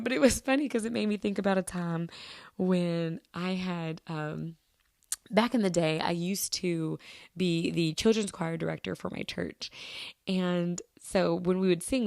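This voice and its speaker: A woman's voice: on the low side, fairly even intonation, a little slow, creaky, a little mellow, no room sound. Woman podcaster just chatting, rambly storyteller, dry close mic. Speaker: podcast host. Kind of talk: casual solo podcast chat.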